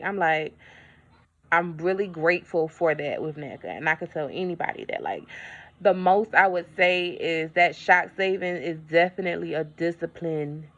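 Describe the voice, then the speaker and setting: Chatty woman vlogger with gravelly voice. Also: fairly low pitch, a bit bright, muffled recording. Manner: chatty storyteller, addresses viewers directly. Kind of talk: casual vlog update.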